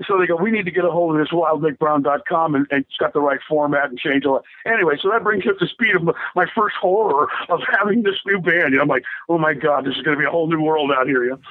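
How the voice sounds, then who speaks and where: An older rock drummer being interviewed tells rambling stories, laughing often and restarting his sentences in a casual storytelling chat. His voice sits on the high side and he talks fast with hardly any pauses, heard dry over a tinny phone line with no room sound.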